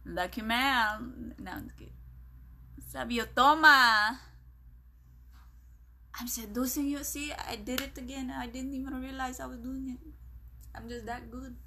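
Bright-voiced flirty woman on a livestream. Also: high-pitched, steady tone, normal speed, a little hiss or hum. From Philippines. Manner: flirty and teasing, often dropping to a hushed voice. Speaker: livestream host. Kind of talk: casual live-stream chat, reading comments aloud.

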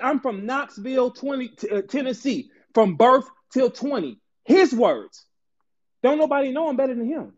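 Loud, profane St. man ranting. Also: very high-pitched, highs cut off. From St. Louis, Missouri. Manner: loud, aggressive, profane, rapid repetition. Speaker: battle rapper ranting on a stream. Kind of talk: heated profane rant.

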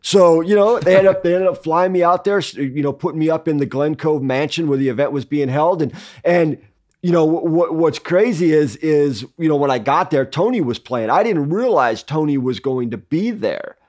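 A man's voice: a little high, moderate pace, a little mellow. A man co-hosting a podcast, telling a long rambling anecdote in casual chat and acting out the dialogue he quotes. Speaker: podcast co-host.

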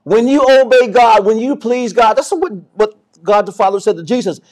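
A man preaching a sermon as pastor, swinging from soft to loud and often repeating and restarting words. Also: high voice, moderate pace.

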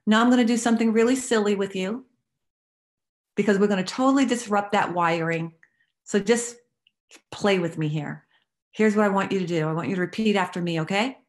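A woman leading a guided tapping exercise, giving calm step-by-step instructions and affirmations to repeat. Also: medium pitch, fairly quick. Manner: calm instructive guiding, repeat-after-me phrasing; affirming, uplifting delivery. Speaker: recovery workshop facilitator.

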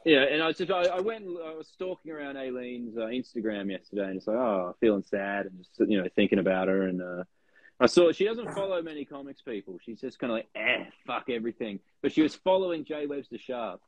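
A man's voice: medium pitch, expressive, fast talker, muffled recording. A man co-hosting a casual podcast chat, joking crudely with lots of swearing and mock outrage. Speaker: podcast co-host.

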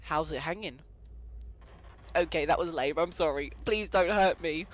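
Talking at a normal speed with a fairly high, slightly bright voice, a young let's play gamer keeps up a rambling stream of jokes while playing, even bantering with the game's ghosts.

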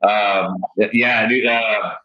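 A man on a podcast, telling his weight loss story in an animated, chatty way and peppering it with "like" and "dude". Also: lowish voice, extremely slow, highs cut off. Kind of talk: casual interview storytelling.

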